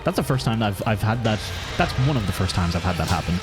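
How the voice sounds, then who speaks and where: A man streaming a video game, giving casual commentary in a dry, flat-sounding way. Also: lowish voice, fast talker. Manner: self-described monotone, dry and offhand. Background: game music.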